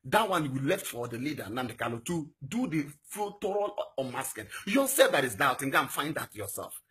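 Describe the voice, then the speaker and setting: A man's voice: sing-song, a little fast, fairly bright tone, breathy edge. A young man with a Nigerian accent making an impassioned, exhorting political appeal, his voice leaping up on rhetorical questions. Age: young adult. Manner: fiery and exhorting, voice swinging high on rhetorical questions. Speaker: political activist.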